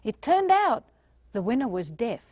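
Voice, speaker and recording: A woman's voice: on the high side, big pitch swings, unhurried, a little mellow, no echo. A woman from Australia, giving a motivational talk and acting out the voices she quotes. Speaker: motivational speaker.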